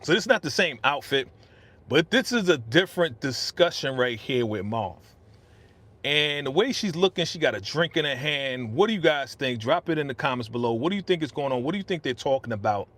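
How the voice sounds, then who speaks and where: A man hosting a live stream at an easy, chatty clip, full of slang and loose asides to his viewers. His pitch sits in an ordinary middle range. He speaks close into a studio podcast microphone. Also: lively intonation, fairly quick, a bit bright. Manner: chatty and slangy, reads viewer comments aloud. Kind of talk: casual live stream commentary.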